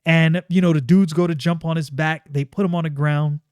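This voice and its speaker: Enthusiastic comic reviewer, a man with a fairly high voice, chatty and repetitive, dry close sound. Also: fairly even intonation, fairly quick, a little mellow, clean tone, no echo. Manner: enthusiastic, conversational, with repeated phrases. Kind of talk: casual video commentary.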